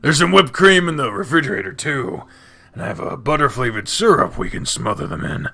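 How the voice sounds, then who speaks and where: Gravelly cuddly bear boyfriend, gentle teasing, lively voice. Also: male voice, fairly high pitch, fairly quick, heavily acted. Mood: affectionate. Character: big affectionate lazy male bear lover. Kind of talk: voiced game dialogue.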